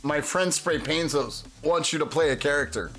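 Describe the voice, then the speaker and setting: A man hosting a live stream, teasing and excitably pushing a chatbot with requests. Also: on the high side, moderate pace, faint music behind. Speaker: livestream host. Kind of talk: casual live-stream chat.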